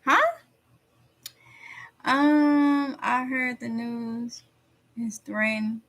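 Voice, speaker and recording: A woman's voice: fairly high pitch, steady tone, drawn-out words, a bit bright. A woman with a Mississippi Southern accent hosting a casual livestream, chatting to viewers, answering their comments and repeating her points to drive them home. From Mississippi, USA. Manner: chatty, repeats herself, talks straight to viewers. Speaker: livestream host.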